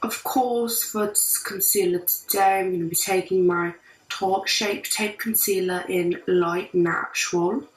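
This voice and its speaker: A woman's voice: lowish voice, fairly even intonation, unhurried. A woman talking through a makeup tutorial in a put-on British accent, chatty as she walks through each step. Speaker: beauty vlogger. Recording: roomy, distant mic, faint music.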